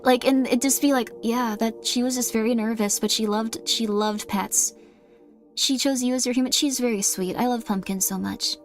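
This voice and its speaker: A woman's voice: fairly high pitch, fairly even intonation, moderate pace, soft background music. A woman streamer chatting casually with her viewers in a rambling way, with many fillers and frequent laughs.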